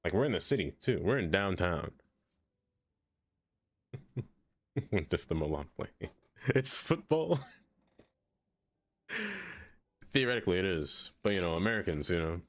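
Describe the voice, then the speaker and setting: A man streaming a game live, chatting casually with his viewers, laughing often and jumping into high excited exclamations. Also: unhurried, long pauses. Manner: chatty, laughs often, talks straight to chat.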